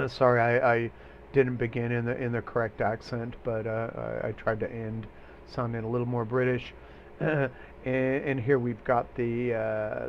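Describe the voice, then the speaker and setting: A male teacher giving a recorded literature lecture, hesitant, full of fillers and throat-clearing. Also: medium pitch, little pitch movement, a little slow, lo-fi sound, slight background noise.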